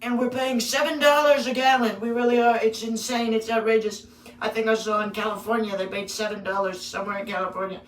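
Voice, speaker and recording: A man's voice: high-pitched, flat delivery, brisk. A man doing a blustering old politician. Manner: repetitive, bragging, sudden loud bursts. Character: boastful, rambling older male politician. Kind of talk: parody impression. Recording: roomy, distant mic with faint noise.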